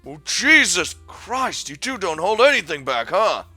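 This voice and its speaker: A man's voice: sits high, very animated, measured pace, pushed and bright, breathy edge, no echo, faint music behind, voice pushed up, exaggerated voice. A man doing a snippy, judgmental classmate girl.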